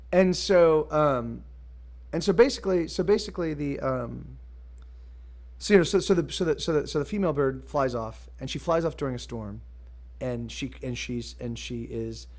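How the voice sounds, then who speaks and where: A man streaming live as a musician, chatting casually between songs in a rambling, halting way, restarting his sentences often and swearing now and then. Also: fairly high pitch. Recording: loud guitar music behind.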